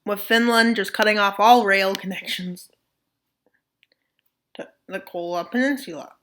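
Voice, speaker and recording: Bright-voiced woman joking over a map. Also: mid-range voice, measured pace, a little hiss or hum. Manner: joking asides, playful mock voices. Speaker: map video narrator. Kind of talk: casual commentary over a map scenario.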